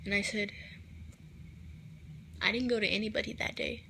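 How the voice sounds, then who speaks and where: A woman telling a personal story to camera, recounting quoted text messages in a soft, halting voice that drops at times to near a whisper. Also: medium pitch, little pitch movement, vocal fry, slight background noise. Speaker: vlogger.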